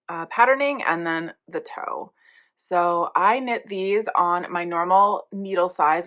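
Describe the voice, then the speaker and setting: A woman hosting a casual knitting podcast, her voice gravelly and hoarse as she recovers from an illness, chatting along with plenty of ums. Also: lowish voice, a bit bright. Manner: chatty, rambling, many ums. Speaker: podcast host.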